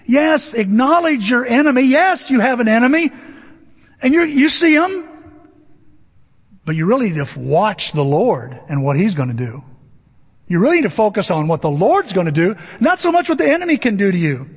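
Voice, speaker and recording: A male pastor giving a conversational, humorous sermon and acting out Bible figures in quick asides. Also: extremely high pitch, sing-song, breathy edge. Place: church sanctuary. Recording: dull sound in a hall with long reverb.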